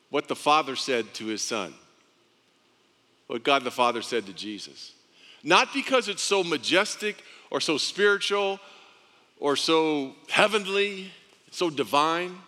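A man preaching a sermon with passion, swinging between emphatic exclamations and hushed, intense moments. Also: fairly high pitch, very animated, measured pace, long pauses. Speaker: pastor. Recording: long reverb of a large hall.

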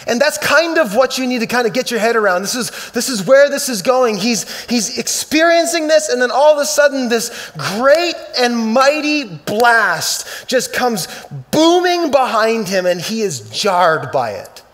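High-voiced preacher giving a sermon. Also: male voice, sing-song. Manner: emphatic, shifts between loud bursts and quiet, slow reading. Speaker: pastor.

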